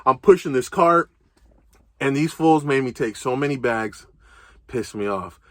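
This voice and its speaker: A man's voice: mid-range voice, a little slow, dry recording. Young man telling a story, dry and close. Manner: animated, laughing, swears casually. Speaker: co-host. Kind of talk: casual storytelling.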